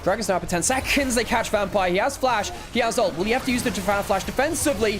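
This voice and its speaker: A man from Wales calls a live esports match in energetic play-by-play, reacting loudly to the action. He groans and curses at bad plays. Music plays clearly behind his voice. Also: high-pitched, fast. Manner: excitable, swears and groans at plays. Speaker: esports commentator.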